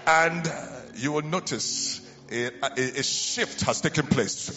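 A man's voice: mid-range voice, a little slow, soft background music. A man preaching a healing sermon in a large church, fervent and calling out to the congregation. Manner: fervent, shouting call-and-response. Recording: lo-fi church hall recording with reverb.

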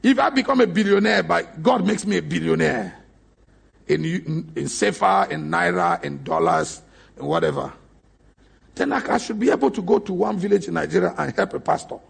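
Raspy, gravelly-voiced preacher man. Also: high voice, animated, normal speed. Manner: emphatic, storytelling preacher who bursts into shouts. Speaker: pastor. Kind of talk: sermon.

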